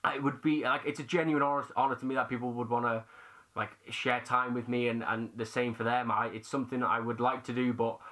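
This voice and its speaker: A young man with a British accent chats casually to camera, answering questions from his viewers. He is slangy and self-deprecating. His voice sits in a middle pitch with a bright, forward edge. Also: level tone, brisk. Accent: British English. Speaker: YouTube movie channel host.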